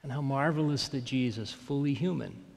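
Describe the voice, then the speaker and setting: A male pastor preaching a sermon in a reflective way, often dropping to a near-hush on key phrases. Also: mid-range voice, moderate pace, gravelly. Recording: long reverb of a large hall.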